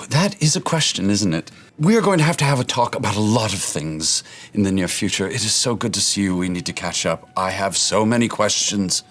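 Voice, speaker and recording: A man voicing a theatrical ancient brother, measured and grave, tender toward his sister. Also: on the low side, expressive, a bit bright. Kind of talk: tabletop role-play character voice.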